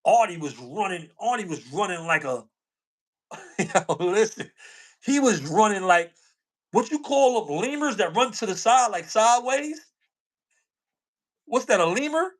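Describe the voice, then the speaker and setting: A man's voice: high voice, lively intonation, unhurried, pauses often. A man co-hosting a casual livestream chat, slangy, repeating himself and laughing often. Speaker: co-host.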